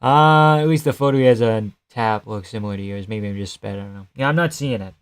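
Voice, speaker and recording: A man's voice: fairly low pitch, fast talker, clean tone. A young man on a casual live stream, chatting loosely and swearing while he reacts to fights and answers his chat.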